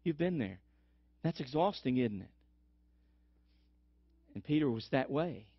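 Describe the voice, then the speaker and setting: A man's voice: mid-range voice, measured pace, gravelly, slightly rough, no echo. A man preaching a sermon as pastor, telling stories animatedly and repeating for emphasis. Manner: animated storytelling, emphatic repetition. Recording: dull lo-fi sermon recording.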